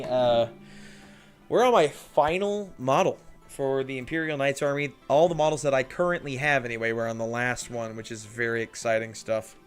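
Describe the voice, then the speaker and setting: A man at his home hobby desk, hosting a relaxed livestream in an everyday middle-pitched voice. He chats easily with viewers and laughs often. Faint music runs quietly beneath him. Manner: chatty, laughs often, talks to chat viewers by name. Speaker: livestream host building miniatures. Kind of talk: casual livestream chat.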